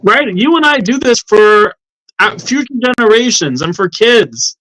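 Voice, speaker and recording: A man's voice: high-pitched, big pitch swings, a little slow, pushed and bright, rough recording. A man guesting on a talk show as a law professor, speaking in an indignant, impassioned way. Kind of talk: heated talk-show discussion.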